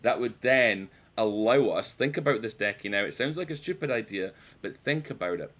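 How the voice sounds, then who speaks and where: A man's voice: lowish voice, lively intonation, normal speed, fairly bright tone. A British man streaming a game, rambling and joking with his chat and swearing freely. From United Kingdom. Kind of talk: casual gameplay commentary.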